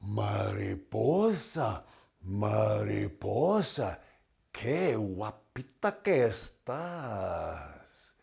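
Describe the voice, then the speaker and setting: A man's voice: on the low side, big pitch swings, drawn-out words, vocal fry, darkish tone, exaggerated voice. A man voicing a lovestruck male pig in a storybook tale, crooning fawning compliments.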